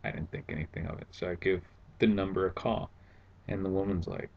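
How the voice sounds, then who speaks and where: A man's voice: low-pitched, flat delivery, fast talker, gravelly, husky, muffled recording. A man telling a story in a casual home vlog, recounting his frustrations in a sarcastic, exasperated way. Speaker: vlogger. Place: at home indoors.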